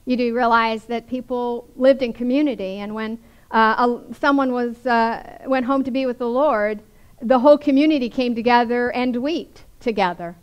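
A woman's voice: on the high side, moderate pace, clean tone, lo-fi sound. A woman preacher giving a sermon, reading scripture aloud and then commenting on it in a chatty way, often ending with tag questions.

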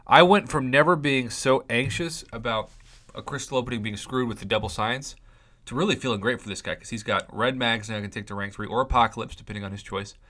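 Excitable man commentating game loot openings. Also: mid-range voice. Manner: excitable, playfully dramatic, pleading with the game. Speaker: YouTube gaming commentator. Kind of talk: casual commentary on a mobile game's crystal openings.

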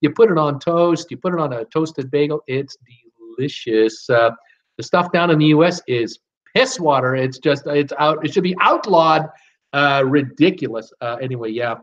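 A man's voice: a little high, moderate pace. A middle-aged man from Canada hosting a casual live show, joking around and reading out viewer comments. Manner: chatty, jokey, reads out viewer comments. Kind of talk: casual live-stream chat. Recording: dull lo-fi stream audio.

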